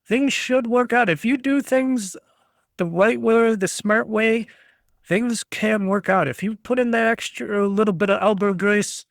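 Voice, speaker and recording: A man's voice: high voice, measured pace, creaky, no room sound, studio quality. A middle-aged American man hosting a solo podcast, ranting bluntly and swearing freely. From United States. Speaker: podcast host.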